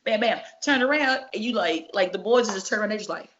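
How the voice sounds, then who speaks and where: A woman, a professional wrestler, telling stories in a casual interview, animated and profane, acting out each exchange. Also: mid-range voice, quick pace, a crowd in the background. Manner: animated, profane, acts out dialogue. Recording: muffled lo-fi recording.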